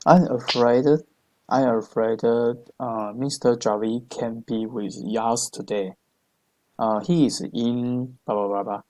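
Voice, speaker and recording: A man reads business phrases for his tutor. He speaks slowly and haltingly, filling gaps with many uhs, and his voice sits at a middle pitch. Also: level tone, warm tone, low-quality recording. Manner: hesitant, many uhs and restarts. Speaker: English student. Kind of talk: reading practice phrases aloud.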